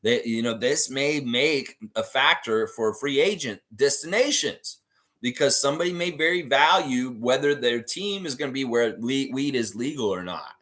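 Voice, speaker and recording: A man's voice: mid-range voice, lively intonation, moderate pace, a bit bright. A Canadian man hosting a casual live stream, reading out viewer comments and rambling with many fillers and self-corrections. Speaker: podcast host.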